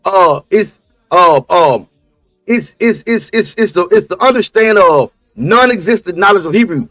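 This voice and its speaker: High-pitched guy laying out religion talk, emphatic, repeats stuff, dry mic. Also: lively intonation, moderate pace, fairly bright tone, no echo, soft background music. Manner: emphatic, preachy, repeats points. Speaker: podcast co-host. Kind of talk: casual religious discussion.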